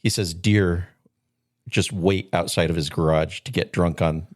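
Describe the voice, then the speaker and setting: A lower-pitched man chatting on a casual podcast. He laughs a lot and drifts into rambling anecdotes, easygoing and talkative. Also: fairly even intonation, unhurried. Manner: laughs often, chatty storyteller. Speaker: podcast co-host. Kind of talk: casual chat.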